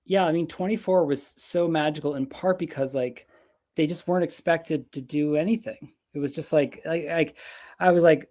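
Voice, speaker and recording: A man's voice: on the high side, fairly even intonation, a little fast, warm tone. A man from the United States talking casually as a guest, rambling with many fillers and restarts. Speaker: guest, Mets fan. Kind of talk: casual chat.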